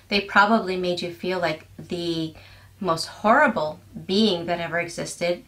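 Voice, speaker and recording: A young adult woman life coach giving a self-help lesson to camera in a gentle, earnest, measured way. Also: fairly low pitch.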